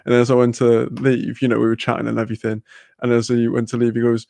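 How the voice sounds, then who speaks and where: A man's voice: medium pitch, normal speed, vocal fry, pauses often, darkish tone, no echo. A young man hosting a livestream, chatting casually and reading out viewer comments, laid-back, laughing often and swearing freely. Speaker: livestream host.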